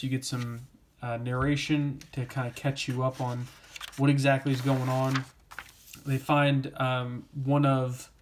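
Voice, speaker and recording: A man giving a casual comic book review, rambling with many fillers and restarts. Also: medium pitch.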